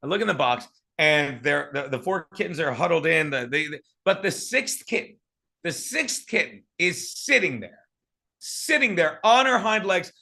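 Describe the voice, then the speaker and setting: A man's voice: on the high side, lively intonation, normal speed, creaky, sharp tone. A man on a video call telling a joking, rambling story with many fillers and restarts. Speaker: guest storyteller. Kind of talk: casual comedic storytelling.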